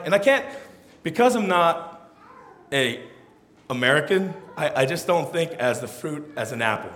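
A man preaching a humorous sermon as pastor, with animated, joking storytelling. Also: a little high, moderate pace, pauses often, echoey room.

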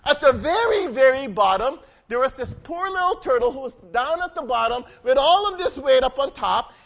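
A man giving an animated children's message, asking the kids questions as he goes. His voice is very high and swings widely. The recording has a dull, lo-fi sound. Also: moderate pace. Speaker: children's church speaker. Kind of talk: children's message with a game and story.

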